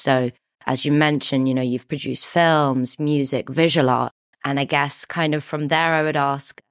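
A woman's voice: deep voice, dry recording, studio quality. A woman interviewing a guest on behalf of an institute, talking in a complimentary way with many "you know"s. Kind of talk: podcast interview.

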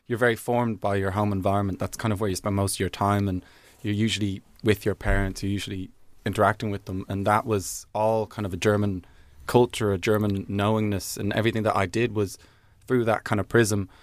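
A man's voice: lowish voice, level tone, a little fast, no echo. A young man, a comedian, chatting in an interview, laughing often and acting out little quotes. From Ireland. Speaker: comedian guest. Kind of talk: casual interview chat.

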